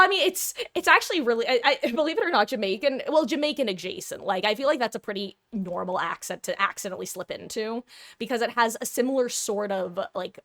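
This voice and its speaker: A woman's voice: medium pitch, fairly bright tone. A woman livestreamer chatting casually with her viewers, rambling along with frequent restarts and laughs. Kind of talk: casual chat with stream viewers.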